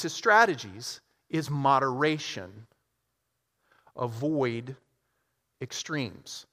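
A man preaching a sermon, telling a story and acting out its characters with lively swings in his voice. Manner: animated, acts out characters with big pitch swings. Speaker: pastor. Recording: long hall reverb.

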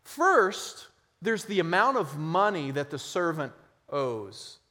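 A man preaching a sermon, emphatic, swinging between loud stressed phrases and quiet, low passages. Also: very animated, slow. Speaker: pastor. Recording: long hall reverb.

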